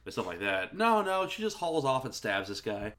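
A man's voice: fairly low pitch, big pitch swings, moderate pace, a bit bright. A man co-hosting a podcast review in casual chat, adding dry, wry remarks. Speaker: podcast co-host.

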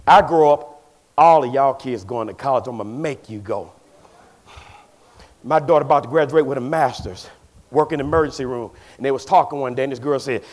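A pastor with a Southern US Black vernacular accent, preaching a folksy call-and-response sermon that builds to shouts. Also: male voice, medium pitch, fairly quick.

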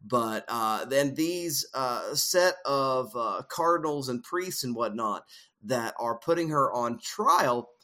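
A man's voice: medium pitch, lively intonation, takes it slowly, sharp tone. A man co-hosting a casual film discussion, explaining ideas at length in a thoughtful way with frequent fillers. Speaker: podcast co-host.

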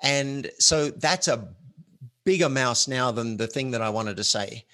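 Male host, bright forward tone, earnest reflective chat, explains with analogies. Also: mid-range voice, unhurried. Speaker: author and show host. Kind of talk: casual conversational chat.

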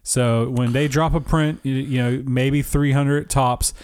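A man's voice: mid-range voice, fairly even intonation, unhurried, a little mellow, smooth, dry recording, clean studio sound. A man co-hosting a podcast in loose, rambling casual chat, laughing often and swearing now and then. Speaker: podcast co-host.

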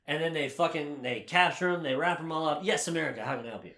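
A man in casual chat, recapping a film with animated, exasperated, sweary ranting. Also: a little high, quick pace. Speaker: podcast co-host recapping a film. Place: home room, packing to move.

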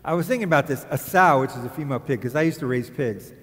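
A man's voice: mid-range voice, fast talker, fairly bright tone, big-room sound. A male pastor preaching a casual, jokey sermon, rambling into asides and checking with the room. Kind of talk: conversational sermon.

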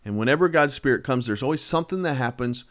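A man giving a sermon, reading old scripture aloud and then retelling it in lively everyday words. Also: mid-range voice, fast talker. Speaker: preacher. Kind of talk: Bible-teaching sermon.

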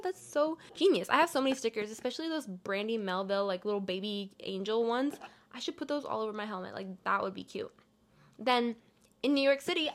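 A woman's voice: on the high side, fairly bright tone. A young woman hosting a podcast in a bubbly, chatty way. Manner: bubbly, valley-girl fillers. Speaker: podcast host. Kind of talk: casual chat.

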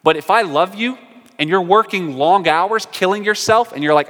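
A man delivers a sermon with a bright, ringing voice that sits somewhat high. He is earnest, pressing some lines hard and dropping others almost to a hush. A long reverb from a large hall trails after his words. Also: normal speed. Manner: earnest, swings from emphatic to hushed. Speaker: pastor.

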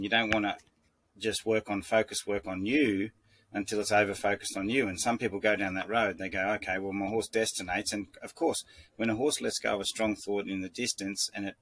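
A man with a low voice that stays flat and even, walking through horse-training ideas in a calm, measured way. He circles back and restarts his sentences as he explains. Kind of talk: instructional talk.

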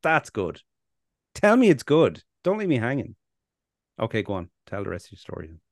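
Irish guy cohosting a podcast, lively and sweary, mid pitch, dead dry sound. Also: moderate pace, dry recording. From Ireland. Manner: animated, swearing, laughing. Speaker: podcast co-host. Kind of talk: casual chat.

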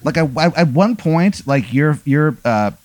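A man's voice: fairly high pitch, expressive, unhurried, a little mellow, no room sound. Guy riffing a goofy made-up story, lots of ums and restarts, pops into little voices, dry close mic. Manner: rambling, many fillers and restarts, acts out quoted lines. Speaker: host telling a made-up scenario. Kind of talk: casual improvised storytelling.

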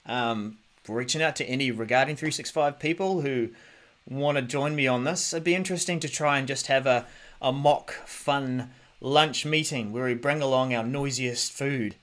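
A man's voice: medium pitch, fairly bright tone. Male podcast host, easygoing tech rundown into a desk mic, loose and full of ums. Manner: chatty, many ums and restarts, thinks aloud. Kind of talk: casual tech news commentary.

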